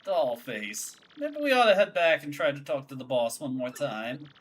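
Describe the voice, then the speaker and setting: A woman voicing a smitten young male mobster creature in a video game, speaking low and soothing. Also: very animated, normal speed, slight background noise. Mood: tender.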